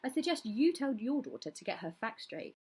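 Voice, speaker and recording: A woman voicing a calm, firm, protective mother in a storybook reading. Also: on the high side, fairly quick, slightly rough, pitched above the performer's own voice.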